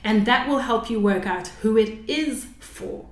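With a roomy echo behind her, a woman hosting an unscripted solo podcast reflects aloud, wandering off track and fixing her own wording as she goes. Her voice is on the high side and a little slow.

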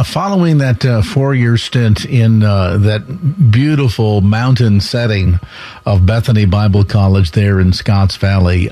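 A man's voice: fairly low pitch, mellow. A male radio host interviewing a guest, asking questions with an easy, friendly manner. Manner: friendly questioner, fillers between phrases.

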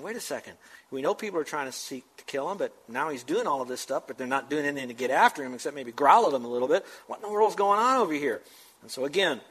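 A man's voice: fairly high pitch, poor audio. Fervent male pastor preaching a sermon. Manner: animated preaching, acts out voices of Bible figures.

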